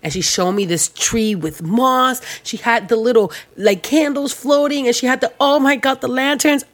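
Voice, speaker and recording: A woman hosting a casual chat, telling stories with animated energy and acting out quotes with frequent laughter. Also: a little high, moderate pace. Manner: animated, laughing storyteller who acts out quotes. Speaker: host.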